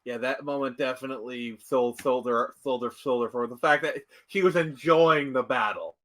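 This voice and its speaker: Rambling bright-toned man podcaster. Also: mid-range voice, moderate pace. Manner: rambling, heavy fillers like "like" and "you know". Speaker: podcast co-host. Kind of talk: casual chat.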